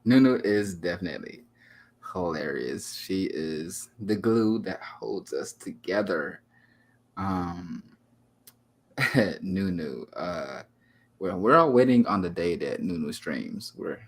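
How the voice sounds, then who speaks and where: A man's voice: low voice, expressive, slow, breathy edge. A man hosting a livestream talk show, chatting casually and joking in a playful, mock-dramatic way. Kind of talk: casual chat.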